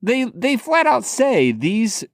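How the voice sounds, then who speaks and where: Relaxed man telling a podcast story. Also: extremely high pitch, takes it slowly, no echo, studio quality. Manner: relaxed storyteller, many "like" fillers. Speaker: podcast co-host. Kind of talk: casual podcast chat.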